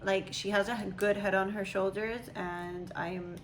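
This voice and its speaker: A woman in her thirties, a mother chatting casually with her daughter, talking in long, animated, meandering stretches. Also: medium pitch, unhurried, crowd noise, poor audio. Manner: chatty, animated storytelling with imitations. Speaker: mother, channel host. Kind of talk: casual chat.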